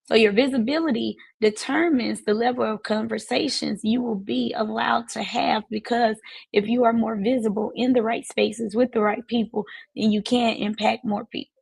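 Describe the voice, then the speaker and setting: A woman hosts a motivational live stream for people in financial services. Her voice sits a touch high with a husky, gravelly edge, and she builds her points through emphatic repetition. The close mic keeps the sound dry. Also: fairly even intonation, normal speed, a little mellow, no echo, low-quality recording. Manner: emphatic, repetitive, preacherly phrasing.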